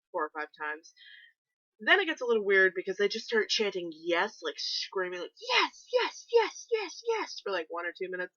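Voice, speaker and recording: A woman's voice: fairly low pitch, bright, forceful tone, dry recording. A young woman vlogging in a casual, gushing and sarcastic way, swearing often. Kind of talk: casual chat. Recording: dry, dull lo-fi sound.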